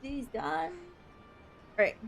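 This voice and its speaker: Giggly gamer girl streaming, highish voice, super lively. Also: measured pace, faint music behind. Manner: giggly, playful. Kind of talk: casual chat while gaming.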